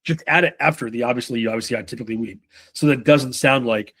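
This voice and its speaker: A man leading a live sales training session in a casual, profane way, often acting out quick lines from buyers and reps. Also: mid-range voice, a bit bright. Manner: casual, swears freely, acts out buyer and rep lines.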